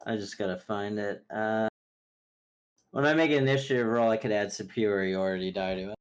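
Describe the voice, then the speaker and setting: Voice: mid-range voice, brisk, smooth. A player in a tabletop game, speaking bluntly and tersely.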